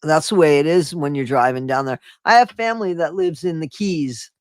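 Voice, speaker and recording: A woman hosting a live stream, chatting casually and excitably with her viewers. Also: sits low, moderate pace, no room sound, clean studio sound. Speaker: streamer host.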